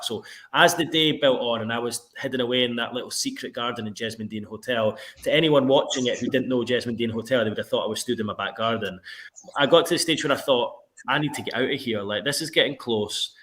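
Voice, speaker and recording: A man with a voice of ordinary middle pitch talks through a long story in a relaxed conversation. He is a sports reporter, and he acts out his own past words as quotes while he tells it. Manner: animated storytelling, quoting himself. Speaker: football reporter. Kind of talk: casual interview chat.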